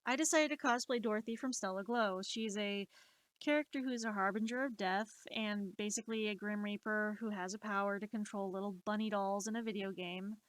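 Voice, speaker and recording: A woman in her late twenties telling stories on a live stream, animated and exasperated, swearing freely. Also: mid-range voice, a little fast, no echo. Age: 20s. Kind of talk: casual storytelling.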